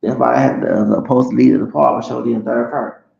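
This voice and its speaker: A man's voice: mid-range voice, steady tone, quick pace, gravelly, a little mellow. A man telling a long, rambling story on a livestream, cursing freely and talking to his viewers as y'all. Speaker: streamer. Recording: echoey room, dull lo-fi sound.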